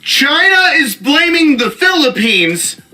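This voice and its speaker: A man's voice: very high voice, sing-song, takes it slowly, sharp tone. A man giving sarcastic, mock-dramatic commentary on a news story.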